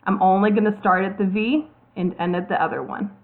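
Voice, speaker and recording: A woman teacher walking through a reading lesson slowly, step by step, spelling out letters. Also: medium pitch, steady tone. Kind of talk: classroom video lesson. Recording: tinny phone-like audio.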